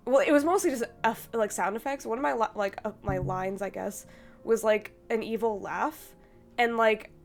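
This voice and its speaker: A young woman streamer chatting casually with her brother, rambling and hesitant with many fillers, sounding feverish. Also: fairly high pitch. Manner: rambling, hesitant, full of likes and ums, laughs often. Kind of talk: casual chat.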